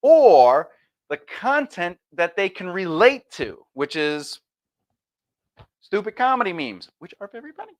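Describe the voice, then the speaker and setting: A man giving marketing advice in an animated lecture, acting out quick voices and punchy phrases. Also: high-pitched. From Sicilian family. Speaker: marketing coach.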